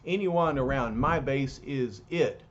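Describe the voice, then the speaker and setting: A man's voice: medium pitch, takes it slowly, natural voice. A man voicing a boastful, joking giant male superhero, in a dull lo-fi recording. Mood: wisecracking. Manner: wisecracking.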